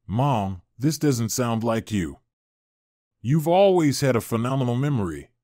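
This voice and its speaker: A man's voice: mid-range voice, animated, measured pace, mellow, no room sound, clean studio sound, close to an everyday voice. A man reading the lines of a firm, protective young husband who sounds exasperated.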